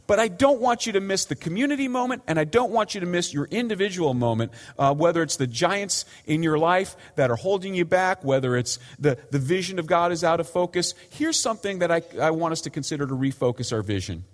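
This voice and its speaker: A man's voice: a little high, animated, a little fast, hardly any pauses, in a large hall. A man preaching a sermon in an earnest, pleading way, his voice rising and falling for emphasis. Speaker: pastor.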